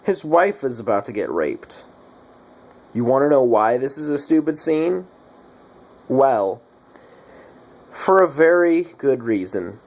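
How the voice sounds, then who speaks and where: A young man rants through a movie review, swearing freely and sounding fed up with what he watched. His voice sits at an ordinary middle pitch, and he talks in a loose, unscripted way. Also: sing-song, slow pace, long pauses, a little mellow. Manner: profane, exasperated ranting. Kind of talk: casual ranting movie review.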